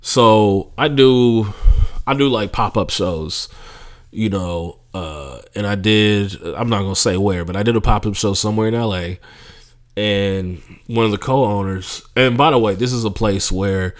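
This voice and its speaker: A young man with a lowish voice hosts his own podcast, ranting through stand-up stories with casual swearing. He keeps it loose and conversational, slipping into mocking impressions as he goes. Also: unhurried. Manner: profane, animated storytelling with mocking impressions. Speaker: podcast host, stand-up comedian. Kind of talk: casual monologue.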